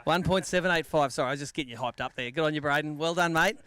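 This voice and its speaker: An Australian man hosting a fishing tournament weigh-in, bantering brisk and matey with the anglers. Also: on the high side, pushed and bright, clean tone. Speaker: weigh-in host. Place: outdoor weigh tent at a lake.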